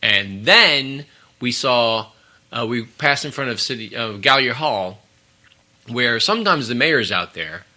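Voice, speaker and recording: A man's voice: mid-range voice, expressive, a little slow, pushed and bright. A man co-hosting a podcast in casual chat, telling a rambling story with frequent laughs. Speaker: podcast co-host.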